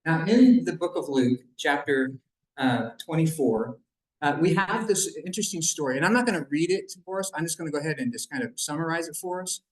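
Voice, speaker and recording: Lively man retelling a Bible story. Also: fairly high pitch, fairly quick. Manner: conversational, joking asides to the audience. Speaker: banquet speaker. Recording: echoey room.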